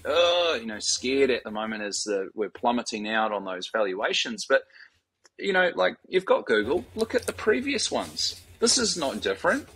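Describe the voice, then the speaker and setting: A man, an excitable guest who tells stories and drops swear words as he goes. His pitch sits in the middle range, and he jumps into the voices of the people he is quoting. A faint hiss of noise runs underneath the recording. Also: rough recording. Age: 40s. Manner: animated storyteller, swears freely, acts out quoted voices. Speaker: guest, startup founder. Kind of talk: casual interview chat.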